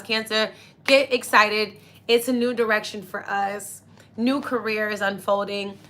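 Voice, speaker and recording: A young woman's slightly high voice comes across bright and forceful as she hosts a casual astrology livestream. Speaking directly to viewers, she's full of gratitude and gets teary from happiness.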